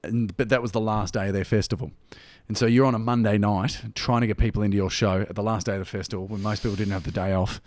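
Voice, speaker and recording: A man's voice: on the low side, fast, few pauses, no room sound. An Australian man, a comedian guest, telling stories in a casual chat and acting out the people he quotes. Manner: animated storyteller, acts out quotes.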